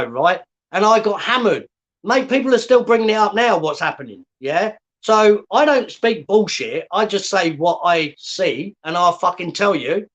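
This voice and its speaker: A man with a high-pitched voice rants furiously on an online call. He swears nonstop and keeps tagging his points with a challenging "yeah?". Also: a bit bright, muffled recording. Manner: swearing, combative, repeats "yeah?" for emphasis. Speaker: guest. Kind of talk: angry ranting on a livestream.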